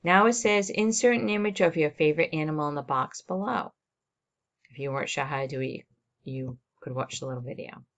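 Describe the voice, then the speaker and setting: Woman, teacher, low-pitched, gravelly, step-by-step screen-recording tutorial, narrates each click. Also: a little fast.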